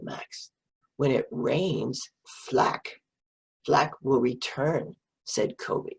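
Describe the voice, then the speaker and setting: A woman's voice: extremely low pitch, slow, vocal fry, breathy edge. A middle-aged woman reading a picture book to children and coaxing them to repeat French words.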